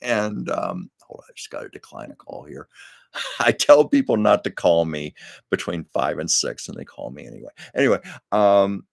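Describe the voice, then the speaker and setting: A man's voice: deep voice, sing-song, normal speed, creaky. A man hosting a casual live stream, telling stories in a chatty way, laughing often and drifting into asides. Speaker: host. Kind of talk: casual storytelling chat.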